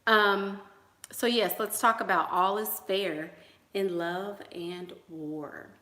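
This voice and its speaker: A chatty, emphatic woman talks slowly and loosely on a home livestream, her voice bright and a little forceful. She laughs between thoughts and leans hard on key words. The room around her is echoey. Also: medium pitch, steady tone. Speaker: relationship coach. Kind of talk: casual livestream chat.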